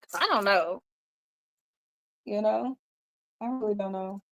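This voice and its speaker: A woman's voice: medium pitch, unhurried, fairly bright tone. A woman hosting a casual livestream, rambling loosely with lots of swearing, laughter and "you know" fillers. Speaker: livestream host. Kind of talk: casual live-stream chat.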